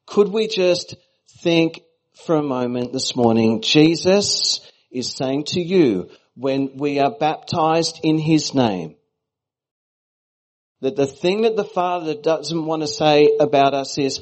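A man's voice: on the high side, slow pace, rough recording. A middle-aged Australian man giving a sermon as a guest preacher, with playful, chatty asides to the congregation.

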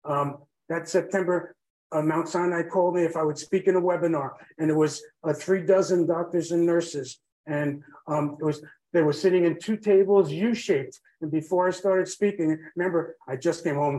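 A man's voice: on the high side, fairly even intonation, normal speed, dark tone, rough recording. A man telling his own emotional story in a rambling way, full of fillers and drifting off track.

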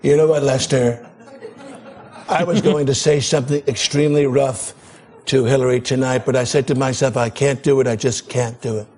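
A man's voice: medium pitch, steady tone, moderate pace, a little mellow, natural voice. An actor playing a boastful, rambling male tycoon politician in a live TV comedy sketch, with audience laughter around him. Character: bragging blustery male tycoon politician, middle-aged. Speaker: debate candidate in a sketch.

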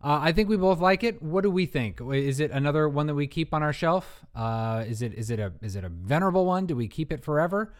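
A man's voice: fairly high pitch, animated, quick pace, hardly any pauses. A man co-hosting a board game podcast, chatting casually in a joking, rambling, self-mocking way. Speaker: podcast co-host. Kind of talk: casual chat about board games.

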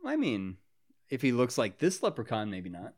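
A man co-host chats playfully through a film, giggling between lines. His medium-pitched voice moves a lot, rising and falling as he riffs. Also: moderate pace, slightly rough. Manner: giggly, playful, lively intonation. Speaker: podcast co-host. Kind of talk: casual movie-watching chat.

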